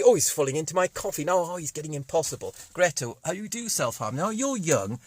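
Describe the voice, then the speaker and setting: A man's voice: a little high, lively intonation, fast talker, few pauses, no room sound. Jokey, rambling man around 60. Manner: jokey, digressive, wry. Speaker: vlogger. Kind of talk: rambling storytelling monologue.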